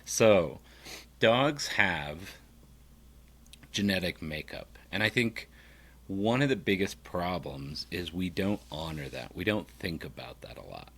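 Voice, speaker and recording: A man, a dog trainer, talking casually on a podcast and telling animated stories with frequent laughs. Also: sits low, takes it slowly, husky. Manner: animated storyteller, laughs often.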